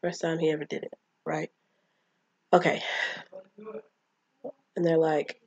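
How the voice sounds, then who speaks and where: A woman's voice: low-pitched, flat delivery, slow, pauses often, darkish tone, husky, no room sound, muffled recording. A woman casually retelling a childhood movie, chatting and acting out the characters' lines. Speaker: movie recapper.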